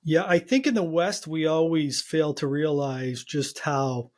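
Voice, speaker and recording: A man hosting an interview, putting measured, thoughtful questions to his guest. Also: on the high side, darkish tone. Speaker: interview host.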